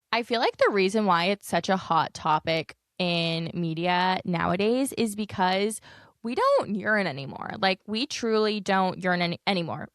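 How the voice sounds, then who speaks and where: A woman's voice: mid-range voice, a bit bright, dry recording, clean studio sound. A young woman hosting a solo podcast, talking candidly in a chatty, rambling way full of fillers. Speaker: podcast host. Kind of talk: casual solo podcast chat.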